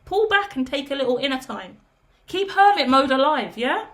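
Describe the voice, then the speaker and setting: Female tarot reader, slightly high pitch. Direct and coaching, talks in long repetitive lists. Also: sing-song, a bit bright. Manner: direct and coaching, with frequent "yeah?" tags; lists things in rapid repetition. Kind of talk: direct-to-camera tarot reading.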